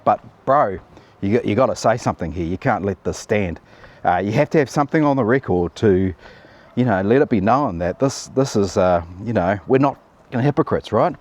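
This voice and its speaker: The sound is lo-fi, carrying a medium-pitched, slightly mellow male voice. He's a Kiwi political commentary host offering casual opinions, blunt and cheeky, rambling along with plenty of filler words.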